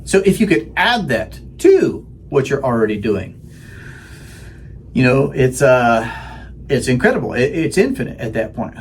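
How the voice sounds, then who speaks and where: A man's voice: mid-range voice, slight background noise. Folksy man hosting a round table. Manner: folksy, rambling, frequent restarts. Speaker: host. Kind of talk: casual round-table chat.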